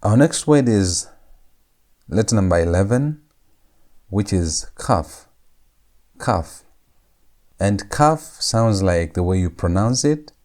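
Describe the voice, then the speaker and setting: A man with a very deep voice gives a slow, deliberate lecture. He sounds out each letter again and again, drawing the sounds out. The pace is unhurried throughout. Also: expressive, a little mellow. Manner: repeats each sound several times, drawn out. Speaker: language teacher.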